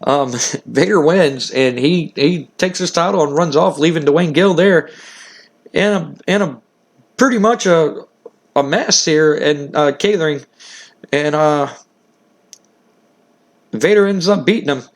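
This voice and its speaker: A man's voice: fairly high pitch, a little slow, long pauses. A man casually recapping a wrestling management game playthrough, rambling with many fillers and restarts. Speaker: gaming video host.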